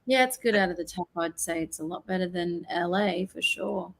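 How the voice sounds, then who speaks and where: A woman's voice: fairly low pitch, normal speed, gravelly, a bit bright. A woman with an Australian accent, a guest on an online talk show, talking earnestly and reflectively and trailing off mid-sentence. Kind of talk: casual interview chat. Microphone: video call.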